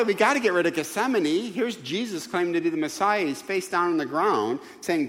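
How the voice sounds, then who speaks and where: A man's voice: a little high, expressive, fast talker, few pauses, a bit bright, in a large hall. A man preaching a sermon in a church, emphatic and full of rhetorical questions. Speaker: pastor. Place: church sanctuary.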